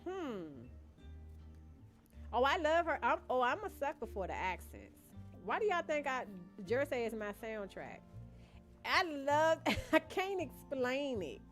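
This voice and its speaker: A woman's voice: high voice, very animated, measured pace. A young woman, chatting casually with her live-stream viewers while she plays and thinks aloud. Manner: chatty, muses aloud, addresses chat as y'all. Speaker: gaming streamer. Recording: faint background game music.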